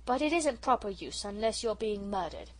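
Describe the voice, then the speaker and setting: A woman's voice: mid-range voice, lively intonation, moderate pace, natural voice, poor audio. A woman reading an audiobook, voicing a chatty working-class railway porter who talks in a homely way. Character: gruff kindly middle-aged railway porter.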